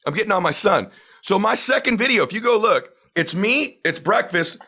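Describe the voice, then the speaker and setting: Animated, bright-voiced male storyteller. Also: slightly rough. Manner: acts out quoted dialogue with big pitch jumps. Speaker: guest speaker.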